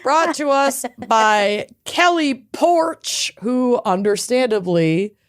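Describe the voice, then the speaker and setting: A woman's voice: lively intonation, slow pace. A woman co-hosting a casual podcast, drawling and playful, a bit tipsy. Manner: drawling, playful, swings up and down in pitch. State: tipsy and high. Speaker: podcast co-host. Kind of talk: casual chat.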